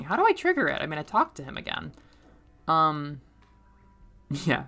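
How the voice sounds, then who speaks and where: A young woman chats casually while she plays a game, her low voice drifting from one topic to the next. She laughs often, and her volume jumps whenever something excites her. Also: measured pace, creaky. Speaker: streamer and middle school teacher.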